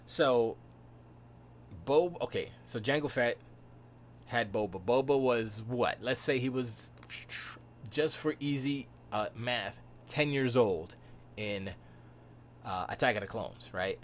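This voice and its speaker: A man's voice: medium pitch, takes it slowly, pauses often, a little hiss or hum. A man hosting a live stream, chatting casually in a rambling, joking way. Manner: rambling, joking, trails off into laughter. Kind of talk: casual chat.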